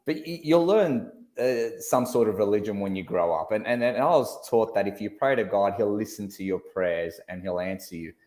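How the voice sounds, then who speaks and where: A man hosting a casual chat, joking and telling animated stories. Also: fairly low pitch, normal speed, hardly any pauses, echoey room. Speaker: host.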